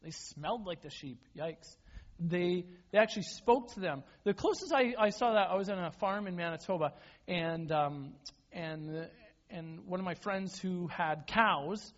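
A man's voice: high-pitched, unhurried. A man preaching a sermon as a pastor, conversational and self-deprecating, often restarting his words. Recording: dull lo-fi sound.

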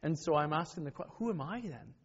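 A man's voice: a little high, animated, fast, husky. A middle-aged man preaching a sermon in an earnest, conversational way, with personal stories and frequent self-corrections. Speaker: pastor. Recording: dull lo-fi sermon recording.

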